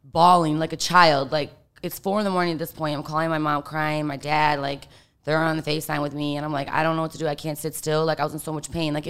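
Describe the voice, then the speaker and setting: Sitting low with a clean tone, this young adult woman's voice carries a casual story she tells as an interview guest. She is candid and profane, and "like" fills her speech.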